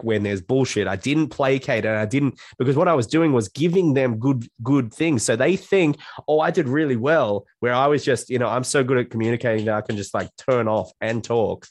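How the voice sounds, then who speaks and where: A man's voice: mid-range voice, no room sound. A man speaking as a guest life coach in a casual podcast conversation, blunt and swearing freely, acting out his own self-talk in quotes.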